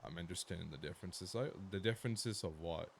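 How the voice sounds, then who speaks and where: An Australian man streaming a game, chatting casually with his viewers and swearing freely, swinging from low mumbles to sudden loud outbursts. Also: fairly quick, vocal fry, a little hiss or hum.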